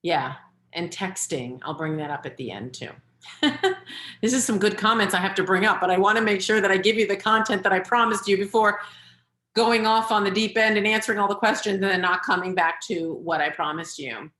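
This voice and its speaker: A woman's voice: medium pitch, a little fast, a bit bright. A middle-aged woman, a parenting coach, giving earnest, direct advice in a webinar over a video call. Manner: earnest, advising, gives direct instructions. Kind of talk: webinar talk. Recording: echoey room.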